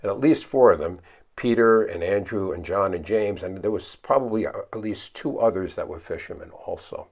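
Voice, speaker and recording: In a conversational sermon recorded with lo-fi sound, a pastor speaks at normal speed, posing questions to his listeners and answering them himself. He acts out the frightened disciples in high, pleading voices.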